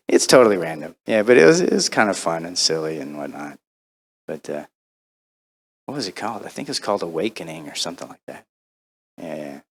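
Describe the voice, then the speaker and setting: A man answering audience questions on a convention panel, chatty and animated, acting out the voices in his stories. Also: deep voice, a little fast, long pauses, husky. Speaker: voice actor guest on a convention panel.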